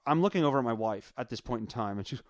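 A man hosting his own podcast, telling a long story in a rambling, profane, animated way. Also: medium pitch, racing, no echo, studio quality. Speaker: podcast host. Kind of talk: casual storytelling monologue.

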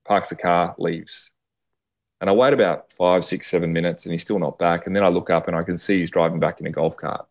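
An Australian man appears as a podcast guest, telling a personal story in a deep voice at a fairly quick clip. He's a lively storyteller, acting out the dialogue of the people involved.

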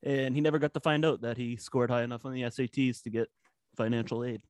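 Relaxed, hesitant male podcast guest. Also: mid-range voice, fast talker, dry recording, studio quality. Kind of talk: casual podcast chat.

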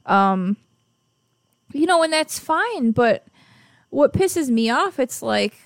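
A woman's voice: high-pitched, big pitch swings, takes it slowly, dry recording, studio quality. A woman co-hosting a podcast, blunt and opinionated, swearing in casual banter. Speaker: podcast co-host.

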